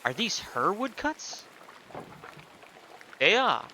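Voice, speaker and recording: A man's voice: high-pitched, sing-song, takes it slowly, sharp tone, a little hiss or hum, pitched above the performer's own voice, full character voice. A man voicing a middle-aged male printer from a video game with a put-on vaguely German accent, talking proudly about his work.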